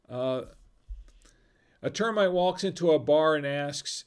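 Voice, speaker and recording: A man's voice: a little high, takes it slowly, pauses often, darkish tone, smooth. A man hosting a casual livestream, reading viewer jokes, chuckling at them and trailing off mid-sentence.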